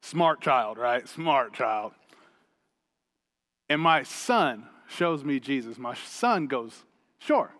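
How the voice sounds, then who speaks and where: A man in his thirties preaching a sermon, energetic and chatty, telling a family story with laughs. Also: mid-range voice, slow, long reverb tail. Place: church hall stage.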